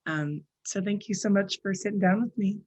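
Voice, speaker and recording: A woman's voice: mid-range voice, moderate pace, darkish tone, dry recording. A woman interviewer asking friendly, meandering questions full of fillers. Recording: dull dry lo-fi sound.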